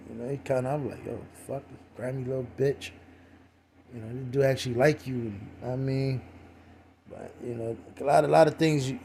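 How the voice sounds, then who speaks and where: A man's voice: mid-range voice, a little mellow, a little hiss or hum. A man giving a casual religious talk in a streetwise, profane way, full of "you know" fillers.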